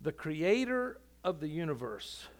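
High-voiced preaching pastor, man. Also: sing-song, unhurried. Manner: impassioned preaching, building to loud emphatic climaxes. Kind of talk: sermon. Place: church sanctuary.

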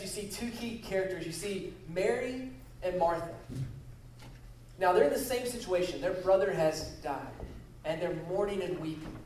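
Heard from a distance in an echoey church sanctuary with slight background noise, a guest preacher leads a prayer during a sermon, repeating key phrases for emphasis. His voice is high and darkish in tone.

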